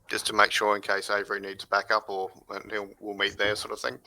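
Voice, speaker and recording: Low man with a sharp, bright tone. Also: completely flat delivery, brisk, creaky, low-quality recording. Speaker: player. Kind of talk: tabletop game chat.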